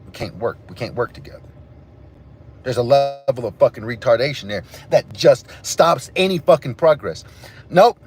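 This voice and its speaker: Profane, ranting man with lively pitch. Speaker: livestream host. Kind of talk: angry livestream rant to chat.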